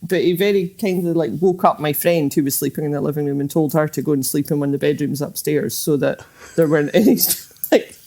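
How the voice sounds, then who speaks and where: A woman's voice: low voice, steady tone, brisk, few pauses, warm tone. A Scottish woman on a podcast, telling an anecdote in casual chat and laughing as she goes. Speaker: podcast guest.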